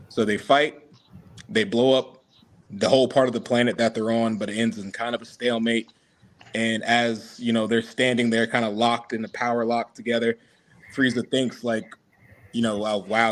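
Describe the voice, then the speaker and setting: A man co-hosting a casual podcast, telling a long imagined story with quick voiced asides for the characters. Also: on the low side. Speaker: podcast co-host.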